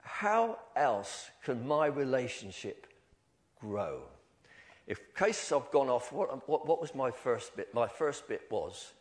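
An older man giving an informal, animated church talk, telling stories about himself with many restarts. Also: mid-range voice. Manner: animated storytelling, self-deprecating, many restarts. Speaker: lay preacher.

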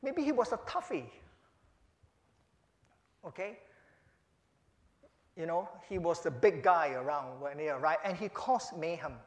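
High-voiced preacher, conversational to fervent. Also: male voice, echoey room. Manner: conversational, building to loud emphatic peaks. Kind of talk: sermon.

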